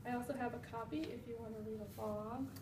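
A woman's voice: on the high side, steady tone, quick pace. A young woman student teacher giving patient instructions and reading a story aloud to a class. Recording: roomy, distant, faint room noise.

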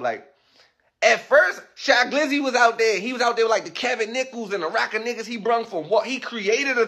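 A man with a Washington DC accent rants boastfully on a livestream, his high-sitting voice pushed and bright as he holds his phone camera. The rambling rant is full of swearing and frequent laughter.

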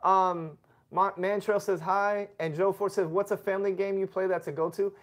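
Chatty dad streaming live. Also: male voice, sits high, fairly even intonation, normal speed. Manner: chatty, reads chat aloud, gives shout-outs. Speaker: family livestream host. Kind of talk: casual livestream chat.

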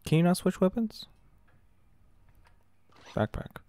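A man commentating as he plays a game, excitable, exclaiming often and laughing a lot. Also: high-pitched, takes it slowly. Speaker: gaming channel host. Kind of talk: live gameplay commentary.

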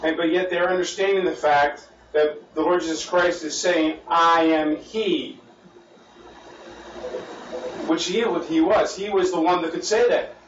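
American pastor teaching a Bible class. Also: male voice, high voice, steady tone, normal speed, hardly any pauses. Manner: repeats words while thinking, asks the class questions. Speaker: pastor leading Bible study. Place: church meeting room. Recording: roomy, distant, dull and lightly noisy.

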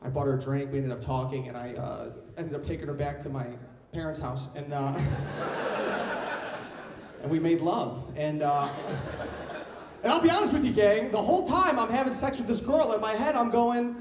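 A man's voice: on the high side, expressive, moderate pace, background noise. A young man performing a stand-up comedy set in a club, talking to the crowd in a brash, loose and playful way. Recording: roomy live club sound, distant mic. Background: audience laughter.

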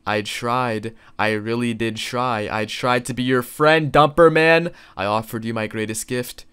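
A man voicing a clingy, burger-headed male creature who talks softly and seductively with a self-righteous edge. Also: medium pitch, fairly even intonation, measured pace, clear, resonant tone, close to an everyday voice. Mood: angry.

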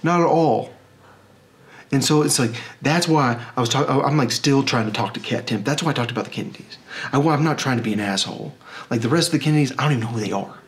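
A man from Texas rambles through a loose monologue. He stumbles and restarts often, and his voice sits at an ordinary middle pitch for a man. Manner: rambling, halting, with many restarts.

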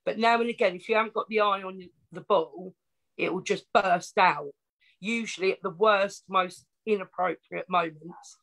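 A woman's voice: mid-range voice, moderate pace, vocal fry, a bit bright, poor audio. A woman with an Essex accent, telling her life story as a podcast guest in a chatty, frank, self-mocking way. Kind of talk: casual storytelling interview.

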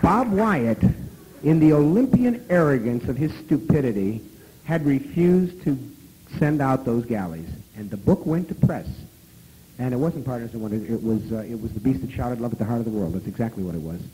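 A man telling a story at a live convention talk, animated and profane, who now and then breaks into loud shouting. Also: medium pitch, moderate pace, slight background noise, rough recording. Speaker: guest of honor speaker.

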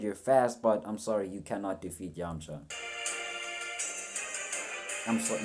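A man's voice: on the low side, a little mellow. A young man giving a rambling, self-mocking reaction commentary, swearing freely as he goes. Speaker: reaction video host.

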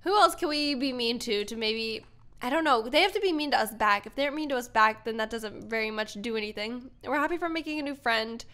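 A woman's voice: a little high, expressive, fairly quick, sharp tone. A young woman giving casual, chatty commentary while playing a life-sim game, thinking aloud and often giggling. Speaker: gaming YouTuber. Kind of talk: casual let's-play commentary.

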